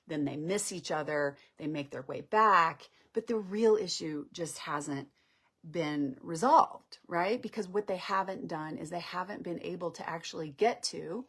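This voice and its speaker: A woman's voice: lowish voice, measured pace, fairly bright tone, breathy edge. A woman relationship coach explaining on a live stream in a conversational way, often checking in with "right?". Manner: conversational, acts out couples' lines, checks in with "right?".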